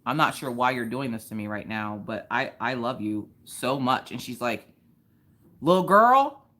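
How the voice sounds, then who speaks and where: A young woman with a low voice tells a story to her livestream viewers in a loose, chatty way. She acts out each person's lines and drops in Southern slang. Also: steady tone, moderate pace, a bit bright. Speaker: craft livestream host.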